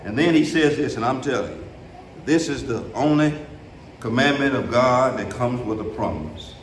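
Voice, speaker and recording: A middle-aged male pastor preaching a sermon in a church, talking in a loose, colloquial way and swinging from low, quiet stretches up to shouted peaks. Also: animated, moderate pace, recorded from a distance, slight background noise. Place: church sanctuary. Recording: echoey room, preacher off the mic.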